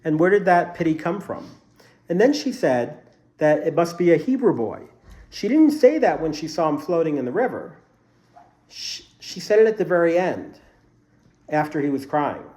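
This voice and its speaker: A man's voice: a little high, big pitch swings, moderate pace, mellow. A man teaching a casual Bible study class to a group in a room, explaining the text by asking a string of questions.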